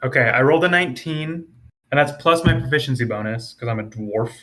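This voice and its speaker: Bright-voiced easygoing male player. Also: medium pitch, lively intonation, a little fast. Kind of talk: casual tabletop play.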